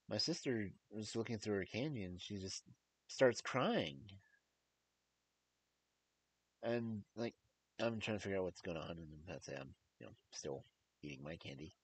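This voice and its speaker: A man's voice: deep voice, slight background noise, poor audio. A man telling a story in a casual, rambling way, with plenty of fillers and restarts.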